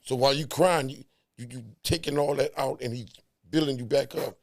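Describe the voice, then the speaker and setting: A man's voice: mid-range voice, steady tone, fairly quick. A man in a casual heart-to-heart talk, emphatic and preachy, repeating words to drive points home.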